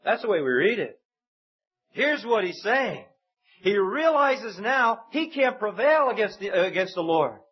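In dull, lo-fi sound, a man with a high, husky voice and big pitch swings preaches unhurriedly. His sermon is conversational, and he acts out the voices of characters in the stories he retells.

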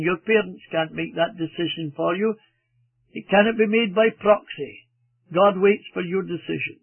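An older man delivers a radio Bible sermon, reading scripture aloud and then pressing its meaning home with earnest emphasis. His voice sits high and a little husky, and he lingers over the phrases he repeats. The sound is dry and narrow, like an old broadcast heard over a phone line. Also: no room sound.

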